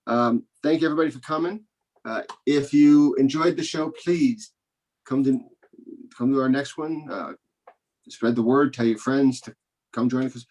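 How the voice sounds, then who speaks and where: A man's voice: mid-range voice, moderate pace, darkish tone. Rambling man hosting a comedy show. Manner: rambling, hesitant, full of restarts. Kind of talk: casual hosting, closing remarks.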